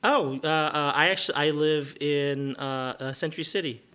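A man's voice: on the high side, normal speed, sharp tone, smooth. A man improvising a scene at a bar, hesitant with many fillers and narrating his own moves. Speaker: improv performer.

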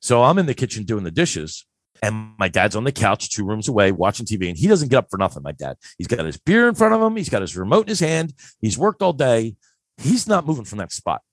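A man in his fifties from Philadelphia, telling a story in a casual, animated way and acting out the voices in it. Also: on the low side, a little fast, no room sound, studio quality. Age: 50s. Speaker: guest.

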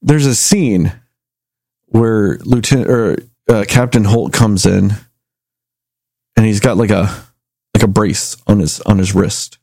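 A man casually reviewing a movie, rambling and animated as he retells scenes. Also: lowish voice, takes it slowly, creaky, long pauses, no echo. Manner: rambling, animated storytelling with acted quotes. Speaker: movie review podcast host.

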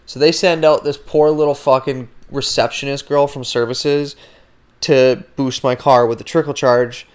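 A young man hosting a podcast, telling a story in a casual, animated way with frequent swearing and lots of "like" fillers. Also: medium pitch, normal speed, smooth. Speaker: podcast host.

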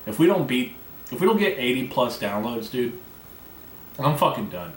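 A man's voice: medium pitch, sing-song, fairly quick. A man hosting his own podcast alone, talking in a rambling, profane, brash way. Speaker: podcast host. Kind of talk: casual solo podcast monologue. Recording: echoey room, mic at a distance, faint background noise.

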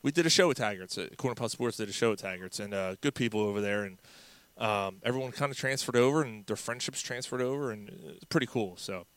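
A man with a bright, forceful voice tells bar stories in an easygoing, animated way. He laughs often and acts out his friends' lines. The sound is dry and close. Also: fairly low pitch, fast, clear, resonant tone, dry recording. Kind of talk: casual storytelling chat.

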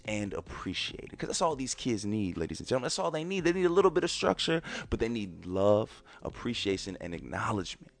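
A man in his thirties hosting a podcast, talking casually and emphatically to his listeners and repeating his phrases for effect. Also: medium pitch. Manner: emphatic and repetitive, often addressing ladies and gentlemen. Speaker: podcast host.

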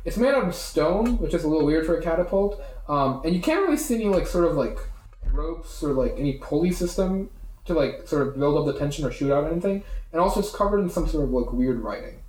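A man's voice: on the high side, lively intonation, quick pace, a little mellow. A man running a tabletop game as game master, rambling through his narration with many fillers. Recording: echoey room.

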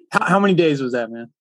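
Slow-talking laid-back male host. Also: on the high side, a bit bright, dry recording. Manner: laid-back, laughs often, says "dude". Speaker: podcast host. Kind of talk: casual interview chat.

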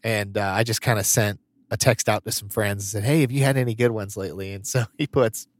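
A man's voice: on the low side, steady tone, brisk, no room sound. A man co-hosting a podcast in casual chat, telling stories and laughing often. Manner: chatty storyteller, laughs often. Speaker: podcast co-host.

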